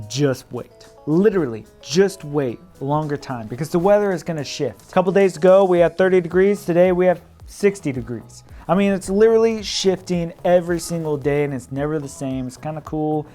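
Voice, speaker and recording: A man's voice: animated, faint music behind. A man in his thirties with a Midwestern American accent, giving casual advice straight to camera in a playful way that often breaks into laughter. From Midwest, United States. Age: 30s. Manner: playful, laughing, quick swings in pitch and loudness. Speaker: realtor vlogger.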